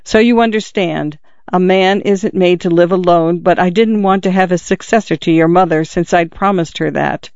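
A man's voice: sits high, normal speed, darkish tone, no room sound, dull audio. A man voicing a wounded, dying middle-aged father who speaks earnestly and urgently to his son while out of breath. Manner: urgent, confiding, pleading. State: in pain, out of breath.

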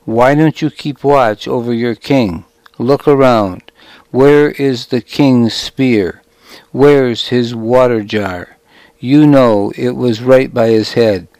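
A man voicing a firm young warrior-leader who speaks in an earnest, measured way in a storybook reading. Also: medium pitch, a little mellow, no echo, poor audio. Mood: harsh rebuke.

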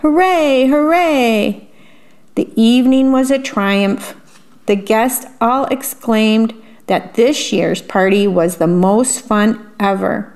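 A woman reading a picture book aloud and pausing to describe the pictures in a chatty aside. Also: medium pitch, darkish tone. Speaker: storyteller.

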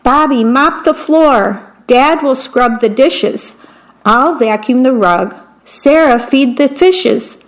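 A woman's voice: high-pitched, takes it slowly, rough recording. A woman voicing a bossy storybook mother who orders her family to tidy up, in a raised voice.

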